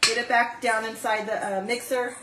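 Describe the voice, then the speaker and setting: A woman's voice: a little high, flat delivery, normal speed, reverberant, far from the mic, heavy background noise. A woman from Southern California chatting casually through a live baking demo in her home kitchen, filling her talk with ums and greeting viewers by name. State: out of breath after running stairs. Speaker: channel host baking live.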